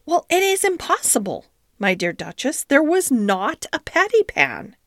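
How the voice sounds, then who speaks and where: A woman's voice: high voice, big pitch swings, unhurried, a bit bright, dry recording, clean studio sound, pitched above the performer's own voice, heavily acted. A woman voicing a prim, proper female cat hostess in a storybook reading, precise and correct in her speech. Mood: stern.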